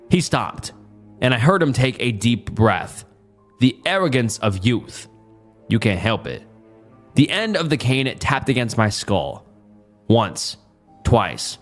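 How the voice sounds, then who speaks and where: Male narrator, mid-pitched, steady first-person horror reading over faint music. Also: a little slow. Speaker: story narrator.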